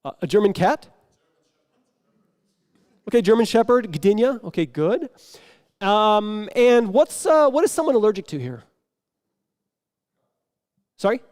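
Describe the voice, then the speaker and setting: A man performs an improvised comic story on a conference stage, acting out each exchange and dropping to sudden whispers. His voice sits high for a man. It swings widely in pitch as he plays to the crowd. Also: unhurried, pauses often. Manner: animated, acts out dialogue with sudden whispers. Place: conference stage before an audience.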